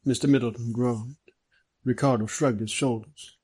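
A man reading a detective story aloud as the narrator, in a measured, even manner. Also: mid-range voice, slightly rough, no echo. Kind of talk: scripted audiobook narration.

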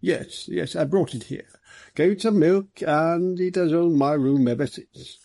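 A man reading an audiobook, voicing a middle-aged police superintendent who talks in an easy, jovial, brisk way. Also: a little high, creaky, dark tone, pitched above the performer's own voice. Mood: genial. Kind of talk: audiobook character voice.

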